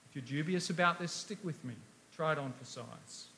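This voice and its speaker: A man delivers a sermon in a high, bright voice. He talks with emphasis, and he keeps putting rhetorical questions to his listeners. He reads passages of scripture aloud as he goes. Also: brisk, creaky, a little hiss or hum. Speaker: preacher.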